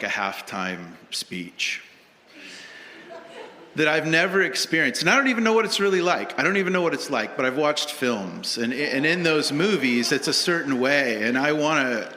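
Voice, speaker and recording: A man's voice: medium pitch, bright, forceful tone. A male pastor preaching a sermon in a conversational, humorous storytelling way, in a large church sanctuary with long reverb.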